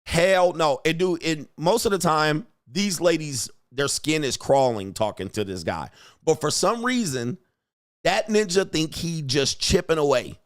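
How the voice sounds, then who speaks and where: In this casual monologue, a man who hosts a show spins slang-heavy stories, laughs a lot, and mimics pickup lines in a raised voice. His intonation is lively and his pace measured, in a dry, studio-quality recording.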